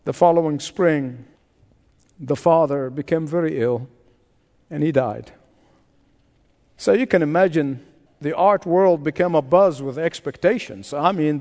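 Pastor, male, unhurried storyteller with lively pitch swings; sanctuary reverb. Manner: dramatic storyteller, acting out the voices in his tale. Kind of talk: sermon storytelling. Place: large church sanctuary. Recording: long hall reverb.

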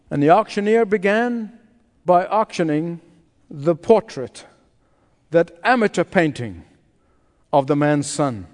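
A man's voice: sits high, darkish tone. A man preaching a sermon, telling a story dramatically and acting out the voices of its characters. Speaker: pastor. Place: large church sanctuary. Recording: long hall reverb.

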